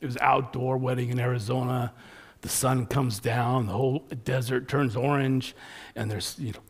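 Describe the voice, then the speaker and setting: A man preaching a sermon as pastor in a church, telling lively personal stories. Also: medium pitch, normal speed. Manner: animated storytelling.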